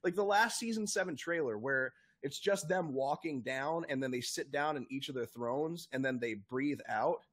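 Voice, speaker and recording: A young man co-hosting a casual podcast, talking in an excitable, profane rant. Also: medium pitch, moderate pace, few pauses, husky. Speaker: podcast co-host. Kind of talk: casual chat.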